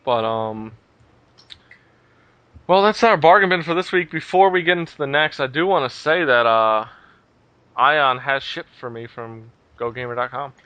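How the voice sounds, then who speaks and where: Podcast host, male, casual and rambling; bright crisp voice, slightly dull lo-fi sound. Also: medium pitch, normal speed, no room sound. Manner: relaxed, rambling with many fillers.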